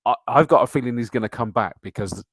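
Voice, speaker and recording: Here a middle-aged man speaks quickly in a mid-range, fairly bright voice, with no echo. As host of a motor racing live stream, he's matey and chatty while reading out comments and entry lists.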